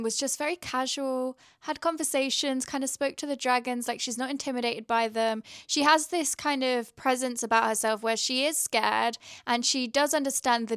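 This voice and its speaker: A woman's voice: a little high, fairly bright tone, smooth, no echo, clean studio sound. A young woman chatting casually in a reading vlog, gushing and rambling with lots of fillers. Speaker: book vlogger.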